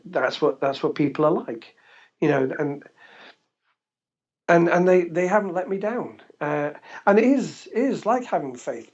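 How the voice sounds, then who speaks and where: A man's voice: fairly high pitch, darkish tone, husky. A man from England, a podcast guest, telling stories animatedly and laughing often. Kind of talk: casual interview storytelling. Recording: dull lo-fi podcast recording.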